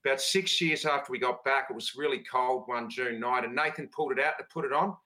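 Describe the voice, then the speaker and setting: An Australian man talks in a bright, clear voice. He tells relaxed, enthusiastic stories in casual podcast chat. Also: mid-range voice, fast talker, low-quality recording. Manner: storytelling, enthusiastic, laid-back. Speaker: podcast host.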